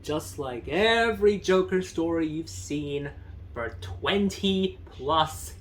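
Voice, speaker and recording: A woman's voice: low-pitched, animated, slow pace. A woman giving a casual comic book review in a sarcastic, rambling, profane manner. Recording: voice over background music.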